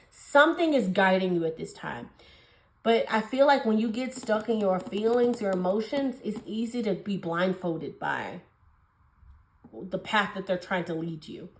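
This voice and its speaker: Young female tarot reader, quick and affectionate delivery, roomy echo. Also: medium pitch, darkish tone. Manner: fast, gushing and affectionate, calls viewers babies and honey. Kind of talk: casual tarot reading to camera.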